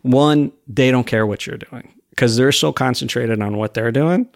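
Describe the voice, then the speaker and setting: A man's voice: medium pitch, moderate pace, gravelly, no room sound, clean studio sound. A man speaking as a podcast guest in casual conversation, rambling with lots of fillers and acting out what people said to him. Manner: rambling, filler-heavy, retells dialogue.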